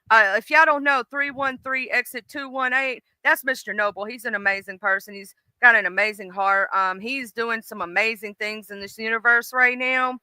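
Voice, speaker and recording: A woman's voice: on the high side, steady tone, normal speed, hardly any pauses, pushed and bright, clear, resonant tone, no room sound. A middle-aged woman hosting a live stream in casual, rambling chat, full of fillers and restarts. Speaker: livestream host.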